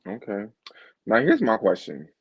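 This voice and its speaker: A man with a low, gravelly, husky voice hosts a casual interview. His pitch swings widely as he teases his guest. The recording is dry and dull. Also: normal speed, no echo. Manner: teasing, playful, animated, acts out quotes. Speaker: interviewer, host.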